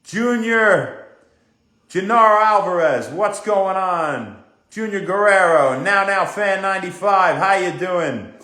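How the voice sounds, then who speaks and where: A man, hosting a casual wellness livestream, greeting viewers by name and giving fast, upbeat health tips. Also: sits high, animated, pushed and bright. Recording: echoey room.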